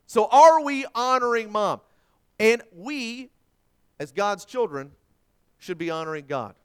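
Male preacher, high and resonant; dynamic sermon delivery, heavy on scripture. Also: lively intonation, measured pace, smooth. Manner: dramatic, swinging from forceful to hushed; emphatic scripture quoting. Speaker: pastor.

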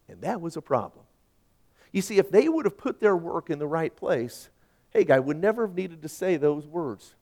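A male pastor in his thirties delivers a sermon in a conversational, storytelling way. His voice sits high and swings widely in pitch. He pokes fun at himself and keeps putting questions to his listeners. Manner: conversational, self-deprecating storytelling with rhetorical questions.

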